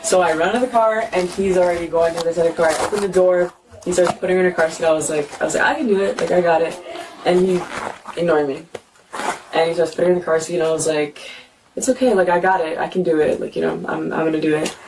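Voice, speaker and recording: A young woman telling a police officer what happened, talking fast and filling her story with "like" and acted-out quotes, recorded on a bodycam. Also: on the low side, steady tone. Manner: fast, repeats "like", acts out quotes. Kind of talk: retelling events to an officer. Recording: noisy bodycam audio from a distance.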